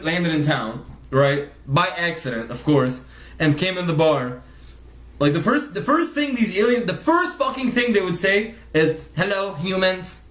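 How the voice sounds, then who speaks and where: A man's voice: a little high, fairly bright tone, reverberant. A man telling a rambling, profane story in casual vlog narration, laughing often. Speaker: vlogger narrating over a speed painting.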